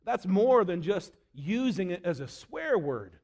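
High-voiced man preaching with drama. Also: very animated, a little slow. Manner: dramatic, drops low and quiet to quote scripture, rises for emphasis. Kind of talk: sermon.

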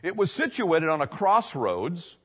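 Animated, chatty male preacher. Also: on the high side, measured pace, husky. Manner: conversational, filler-heavy, tells anecdotes. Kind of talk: sermon storytelling.

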